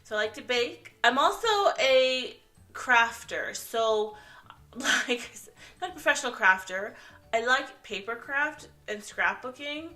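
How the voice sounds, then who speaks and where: Bright chatty Canadian woman vlogger. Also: fairly high pitch, expressive, unhurried, soft background music. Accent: Canadian with some British English mixed in. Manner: chatty, rambling, self-mocking. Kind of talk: casual chat to camera.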